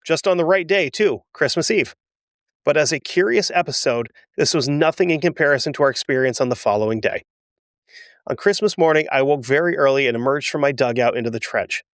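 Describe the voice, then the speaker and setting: Brief: male podcast host, slightly high voice, reads history aloud with candid personal asides, dry close mic. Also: no echo. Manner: emotional, self-deprecating asides between readings. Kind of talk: reading a historical account with asides.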